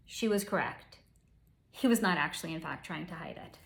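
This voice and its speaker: A woman's voice: low-pitched, expressive, normal speed, creaky, roomy sound. A woman giving a psychic reading, telling a story candidly and swearing freely. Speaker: psychic reader. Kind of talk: solo spoken energy reading.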